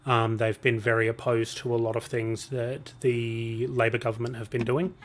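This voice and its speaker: A man calmly explaining context on a livestream, with a few hesitant fillers. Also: mid-range voice, moderate pace.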